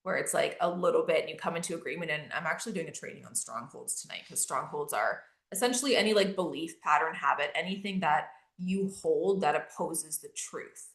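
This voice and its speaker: A woman's voice: low voice, brisk, vocal fry, hardly any pauses, a bit bright. A woman in a casual faith podcast chat, speaking earnestly to listeners with frequent fillers. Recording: roomy echo.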